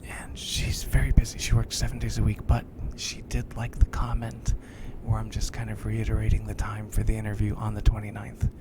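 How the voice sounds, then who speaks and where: A man hosting a whispered ASMR live chat, talking softly with his viewers. He is a bit congested. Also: on the low side, completely flat delivery, a little fast, hardly any pauses. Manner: soft whispering, chatting with viewers. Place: lying down.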